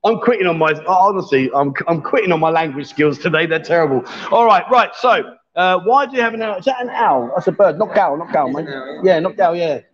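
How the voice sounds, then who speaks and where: A man's voice: sits high, animated, brisk, highs cut off. A man hosting a live stream, chatting casually and teasing his guests. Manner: joking, teasing.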